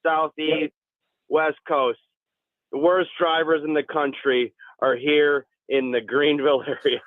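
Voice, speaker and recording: A man calling in to a radio show, talking haltingly and repeating words as he makes his point. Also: on the high side, little pitch movement, no room sound. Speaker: caller. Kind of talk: call-in opinion. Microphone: telephone. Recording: tinny phone line.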